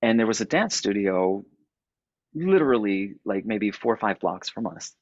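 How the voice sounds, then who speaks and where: A man telling a personal story, halting and repeating words as he goes. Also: fairly low pitch, lively intonation, dry recording, dull audio. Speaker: podcast guest.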